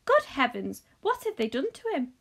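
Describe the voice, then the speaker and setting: Old grandpa, exclaiming, astonished, woman reading aloud, lively high voice, storybook. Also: moderate pace, exaggerated voice.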